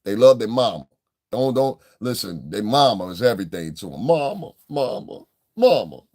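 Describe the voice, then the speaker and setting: A middle-aged man giving casual, profane reaction commentary in a mocking, animated way. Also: fairly low pitch, brisk. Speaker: commentary vlogger.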